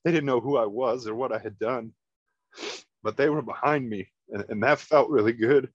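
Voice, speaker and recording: A man's voice: mid-range voice, no echo, highs cut off. A man telling a personal story in a casual, profane way, stumbling over his words and becoming tearful. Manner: casual, profane, halting with repeated restarts. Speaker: guest.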